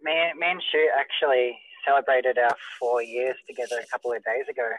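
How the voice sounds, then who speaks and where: A man accepting an award and speaking as a guest on a video call. He talks in a relaxed, hesitant way and says "you know" often. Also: mid-range voice, fairly quick, a little hiss or hum, poor audio.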